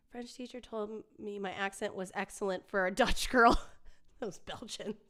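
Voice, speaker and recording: A woman's voice: mid-range voice, vocal fry, fairly bright tone. A woman hosting a casual live stream, chatting with viewers and reading their comments, laughing often. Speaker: singer.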